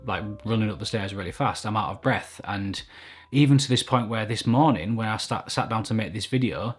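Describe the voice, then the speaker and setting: A man's voice: fairly low pitch, brisk, slightly rough, faint music behind. A man talking openly and reflectively to camera in a personal vlog, recorded indoors at home. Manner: open, reflective, self-critical. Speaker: vlogger. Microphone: camera mic at desk.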